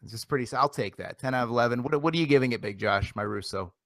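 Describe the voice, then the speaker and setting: An energetic man hosting a casual live internet show, often doubling back over his words. His voice sits in a middle pitch and sounds dry and close to the mic. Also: fast talker, no room sound. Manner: rambling, repeats phrases, energetic. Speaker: host. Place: home near Philadelphia.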